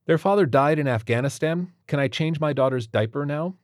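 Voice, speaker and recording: Here a man plays a curt, tired young mom who is short on patience. He pitches his voice a little high, above his own, yet keeps it close to everyday speech, talking a little fast; the studio-quality recording has no room sound.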